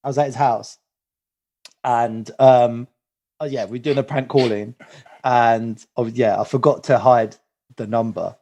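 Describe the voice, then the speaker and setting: A man's voice: mid-range voice, fairly even intonation, measured pace, long pauses, dark tone. A young man on a podcast, telling a story in a loose, rambling way full of fillers. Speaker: podcast co-host. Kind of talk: casual chat.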